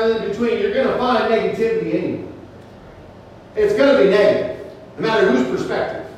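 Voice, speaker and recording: A middle-aged male pastor preaching a sermon, earnest, slowing down for scripture quotes. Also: high-pitched, darkish tone, a little hiss or hum. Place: church sanctuary. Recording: echoey hall, mic in room.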